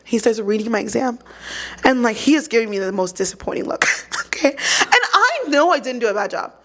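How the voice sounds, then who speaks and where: A woman, a guest, telling a story in casual chat, animated and quoting people in lively voices. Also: on the high side, brisk. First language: English.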